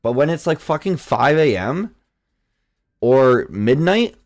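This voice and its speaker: A young man from Canada hosting a live trading stream, chatting casually, reading chat aloud and swearing when excited. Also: medium pitch, slow. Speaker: livestream trading host.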